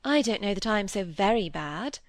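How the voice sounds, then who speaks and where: A woman reading aloud, voicing a troubled, secretive young woman in an old novel who speaks quickly and emphatically. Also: mid-range voice, animated, no echo, natural voice.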